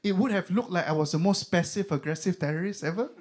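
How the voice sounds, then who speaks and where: A man's voice: high-pitched, fast, a little mellow. A young man with a Singaporean accent performing a stand-up comedy set, chatty and loose, with lots of fillers. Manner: conversational, filler-heavy, mock voices for bits.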